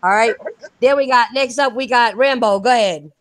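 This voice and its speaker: Irish woman, podcast host, brash and excitable, swears freely, voice sits a little high. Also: normal speed, dry recording. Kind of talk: live gaming podcast chat.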